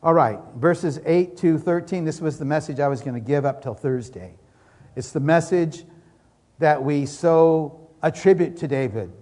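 A man's voice: on the high side, mellow. A man preaching a sermon as pastor, fervent and repetitive, voicing prayers as he speaks.

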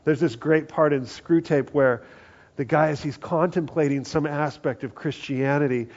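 A man preaching a conversational sermon, acting out quoted voices and often dropping to a hushed tone. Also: fairly high pitch, normal speed. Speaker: pastor. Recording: dull lo-fi sound.

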